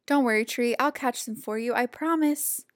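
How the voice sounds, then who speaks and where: A woman's voice: on the high side, normal speed, no echo, studio quality, natural voice. A woman voicing an earnest, caring young male fox cub in a storybook reading.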